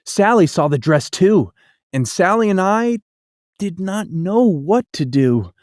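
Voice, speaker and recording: A storyteller reading a rhyming picture book aloud in an expressive, sing-song way. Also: medium pitch, slow, no room sound, clean studio sound.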